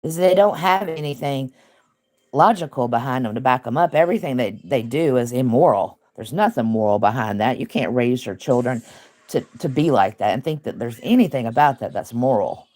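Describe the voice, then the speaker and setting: A woman's voice: extremely low pitch, lively intonation, brisk, a little mellow. A woman who hosts casual online commentary, talking bluntly and emphatically with laughs.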